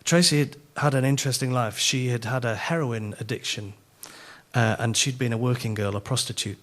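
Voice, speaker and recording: Preaching at a conference, this middle-aged Yorkshireman talks a little fast in a mid-pitched voice. His sermon is built on funny stories, told with animation and plenty of self-mockery.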